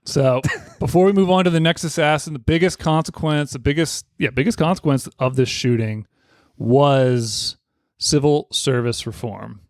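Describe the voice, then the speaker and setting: A man's voice: a little high, normal speed, no echo. Man reading history notes, dry sound. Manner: reads from notes, laughs between points. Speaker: podcast co-host. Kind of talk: casual history podcast chat.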